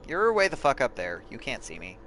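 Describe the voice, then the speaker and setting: A man's voice: mid-range voice, wildly swooping pitch, brisk, sharp tone, slight background noise. A man chatting loosely to viewers while playing a video game live, swearing freely and rambling. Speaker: game streamer. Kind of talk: casual live-stream commentary. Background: game music.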